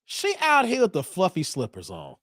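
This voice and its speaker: Male streamer, lively and bouncy delivery, a bit high, dry close mic. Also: moderate pace, no echo. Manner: laughing, animated, thanks viewers for donations. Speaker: channel host reacting to a clip. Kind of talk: livestream reaction commentary.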